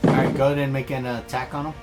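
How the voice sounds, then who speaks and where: A man in a mid pitch runs a tabletop game. He is relaxed and talks the players through rules and dice checks. Music plays behind him. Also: racing. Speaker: game master. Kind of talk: running a tabletop game, voicing villains in narration.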